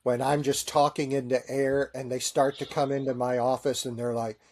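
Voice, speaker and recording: A man's voice: medium pitch, little pitch movement, moderate pace, a little mellow. A middle-aged man who is a Navy chaplain, answering interview questions with easy, good-humored stories.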